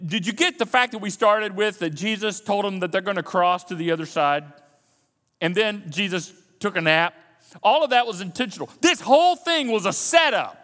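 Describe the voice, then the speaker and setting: Animated high-voiced male preacher. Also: long reverb tail. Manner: animated storytelling, acting out the scenes. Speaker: pastor. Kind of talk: sermon.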